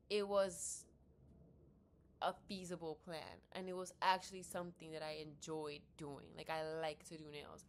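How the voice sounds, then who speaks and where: A young woman rants about her life into a laptop mic, her voice sitting a touch low. She is blunt and profane, and she acts out her own lines and the other person's in quick back-and-forth. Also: a bit bright. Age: young adult. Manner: blunt, swears freely, quotes herself and others in quick dialogue. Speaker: vlogger. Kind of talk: casual storytelling rant. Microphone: laptop built-in mic.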